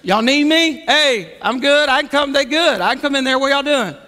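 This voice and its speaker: Man playing young shepherd David, high bright voice, casual pleading tone, echoing hall. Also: normal speed. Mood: eager. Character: young male shepherd David, eager and hurt. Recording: long hall reverb.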